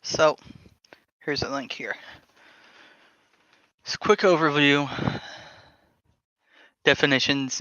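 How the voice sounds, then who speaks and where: A man hosting a podcast, talking casually and haltingly while reading text aloud from his screen. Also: mid-range voice, vocal fry, pushed and bright, no echo. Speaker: podcast host. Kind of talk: casual screen-share talk. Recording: dull lo-fi sound.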